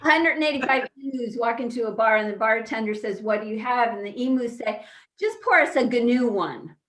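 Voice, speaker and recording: A woman improv player telling a quick playful joke in an online match. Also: on the high side, animated, fairly bright tone.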